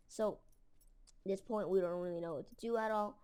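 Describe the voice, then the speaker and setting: A woman's voice: medium pitch, fast, dark tone. A woman telling a story casually, rambling with lots of fillers and mild slang. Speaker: storytelling video creator.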